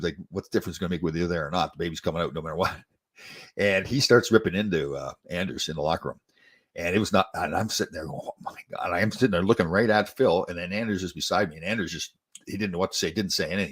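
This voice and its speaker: A man in his sixties, a former hockey player hosting a show, telling rambling stories in casual chat and chuckling at them. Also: deep voice. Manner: rambling, restarts often, chuckles at own stories.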